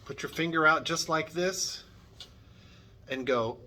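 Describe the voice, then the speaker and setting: A man's voice: on the high side, slow pace, sharp tone. A middle-aged man leading a children's church music lesson, upbeat and coaxing, modelling sounds for the kids.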